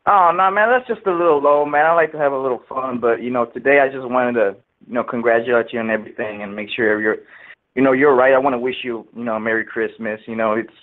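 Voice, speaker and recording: A man calling a radio show to wish the host happy holidays, speaking softly and casually. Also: mid-range voice, fast talker. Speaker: caller. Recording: tinny phone voicemail.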